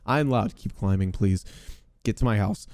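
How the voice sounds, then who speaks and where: A young man hosting a podcast, giving loud, excitable gaming commentary with casual swearing. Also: lowish voice, moderate pace, no room sound, studio quality. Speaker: podcast host.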